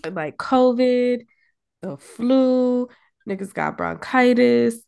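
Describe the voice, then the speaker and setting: A woman's voice: fairly high pitch, slow pace, gravelly, a little mellow, smooth. A woman co-hosting a podcast while sick and out of breath, complaining in tired casual chat with speech. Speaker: podcast co-host.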